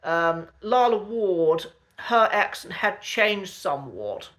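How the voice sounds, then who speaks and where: Male accent coach, casual lesson delivery, bright tone, hesitant and polite. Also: high voice, very animated. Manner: hesitant, with frequent ums and uhs and restarts; polite, measured and chatty. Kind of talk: casual spoken lesson to camera.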